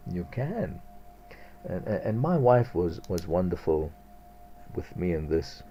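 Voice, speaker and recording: A man's voice: low-pitched, big pitch swings, slow, dark tone, lo-fi sound, soft background music. A man hosting a spiritual radio talk, reflective and chuckling often.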